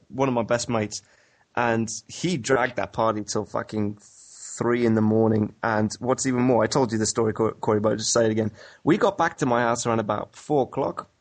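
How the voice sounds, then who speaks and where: A man chatting casually as a podcast guest, telling easygoing stories. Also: medium pitch.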